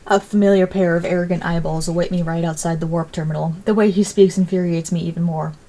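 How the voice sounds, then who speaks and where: A woman narrating a story in the first person with an even, deliberate reading. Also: on the low side.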